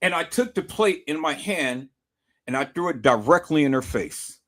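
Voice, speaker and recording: A young man telling a story straight to his viewers with animated, emphatic delivery and lots of swearing. His voice sits somewhat high for a man and rises and falls widely in pitch. He leans on repetition for emphasis. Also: moderate pace. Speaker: vlogger. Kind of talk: casual storytelling to camera.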